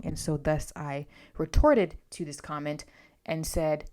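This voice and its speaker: Outspoken woman with a low voice. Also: a little mellow. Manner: chatty and outspoken, with quick asides. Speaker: book vlogger. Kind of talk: casual book haul vlog.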